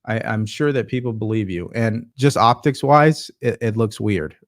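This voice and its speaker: A man hosting casual political commentary, talking slowly with lots of fillers and a sarcastic edge. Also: fairly low pitch, no echo, studio quality. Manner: slow, hesitant with many fillers, sarcastic.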